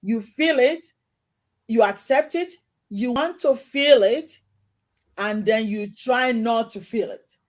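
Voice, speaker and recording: High-voiced woman chatting emphatically. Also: slow pace. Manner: emphatic, repeats words when starting. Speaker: host. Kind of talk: casual talk show chat.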